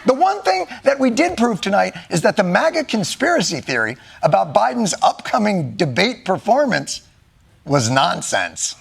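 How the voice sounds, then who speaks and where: High gravelly comedian, wildly animated. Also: male voice, normal speed, hardly any pauses. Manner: animated, swings between mock-serious mutter and shouting. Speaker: late-night comedy host. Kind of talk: comedic monologue.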